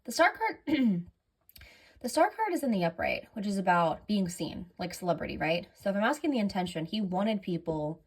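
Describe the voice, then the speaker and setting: A woman's voice: medium pitch, sing-song, moderate pace, husky. A woman running a casual tarot reading, rambling and correcting herself often, audibly breathing heavily. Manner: rambling, filler-heavy, self-correcting. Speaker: tarot reader.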